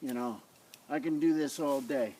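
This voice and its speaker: A man's voice: mid-range voice, normal speed, warm tone, slight background noise. A man casually reviewing a survival knife in his yard, talking in a rambling, blunt way into a tablet camera on a tripod. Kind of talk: casual outdoor demo vlog. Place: outdoors in a front yard.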